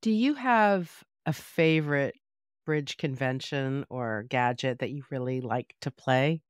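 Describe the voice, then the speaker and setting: A host asking a guest measured, steady questions in an interview. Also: medium pitch, smooth, no room sound.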